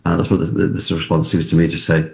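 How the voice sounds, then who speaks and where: A man with a very low, gravelly voice gives his analysis in a live news interview. He is emphatic and argumentative, restarting phrases as he pushes his case. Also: monotone, fast, darkish tone. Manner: emphatic, argumentative, repeats words while pressing a point. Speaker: political commentator.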